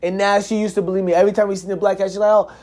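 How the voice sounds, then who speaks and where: A man with a slightly higher voice talks through a casual solo podcast. He tells stories in loose, slangy street talk, swears often, and keeps saying "yo" and "like". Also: very fast. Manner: animated, slangy storytelling with frequent "yo" and "like"; curses freely. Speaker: podcast host.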